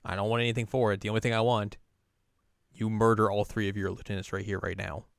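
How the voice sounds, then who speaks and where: A man's voice: lowish voice, little pitch movement, fast talker, vocal fry, clean tone, dry recording, clean studio sound. A male podcast co-host casually recapping a game's plot, scattered with "like" and restarts. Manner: rambling recap full of "like" fillers. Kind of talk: casual chat recapping a video game story.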